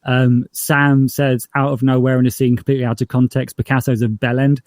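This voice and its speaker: A man's voice: mid-range voice, level tone, a little fast, a little mellow, no room sound. A man from northern England, a podcast showrunner, talking in a casual interview with hesitant, filler-heavy speech. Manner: rambling, hesitant, many fillers and restarts.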